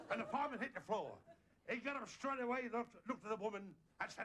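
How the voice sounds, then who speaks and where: A man's voice: very high voice, fast talker, fairly bright tone. A male stage comedian reciting a comic poem, rambling and breaking off to joke and chuckle at himself. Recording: hissy old television recording. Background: audience laughter.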